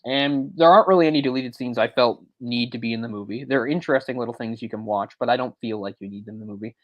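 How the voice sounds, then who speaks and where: A man's voice: mid-range voice, fast talker, no echo, muffled recording. A man co-hosting a movie discussion podcast, talking in a rambling, self-correcting way with frequent chuckles. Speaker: podcast co-host.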